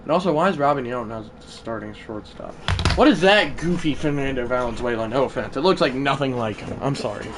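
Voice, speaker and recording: A man livestreaming a baseball video game, chatting to viewers and shouting when big hits land. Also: mid-range voice, a little fast, slight background noise. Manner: excitable, swings from mumbled asides to shouted play calls. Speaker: gaming livestreamer. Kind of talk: live gameplay commentary.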